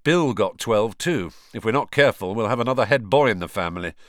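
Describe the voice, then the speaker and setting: A man's voice: on the low side, animated, fairly quick, dry recording, clean studio sound, natural voice. A man voicing a wry, mock-serious teenage boy wizard.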